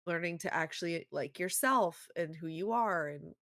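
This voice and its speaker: A woman co-hosting a casual podcast, talking in an animated way with lots of fillers and restarts. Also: lowish voice, moderate pace, no echo, clean studio sound. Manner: animated, acts out characters with filler-heavy speech. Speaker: podcast co-host. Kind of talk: casual chat.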